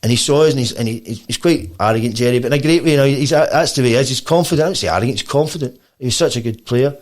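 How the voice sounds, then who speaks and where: A Scottish man talks as a guest on a podcast. His delivery is rapid and rambling, full of restarts. His pitch sits in an average range for a man. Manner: animated storytelling. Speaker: guest musician. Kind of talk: casual podcast chat.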